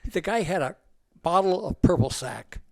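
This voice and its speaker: Gravelly old man telling rambling stories. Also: sits high, animated, moderate pace, darkish tone, dry recording. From United States. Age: older. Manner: rambling, profane and laughing. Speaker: guest. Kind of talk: casual storytelling.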